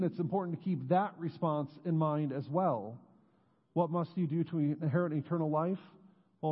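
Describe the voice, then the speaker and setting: A man preaching a sermon as pastor, earnest, dropping low and slow on key words. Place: church sanctuary. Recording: muffled sound with long church reverb.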